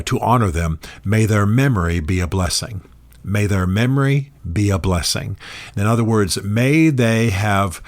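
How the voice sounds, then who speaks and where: Man, lowish voice, earnest, reflective monologue, repeats phrases for weight. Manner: earnest, measured, repeats key phrases with emphasis. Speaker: author and commentator. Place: office.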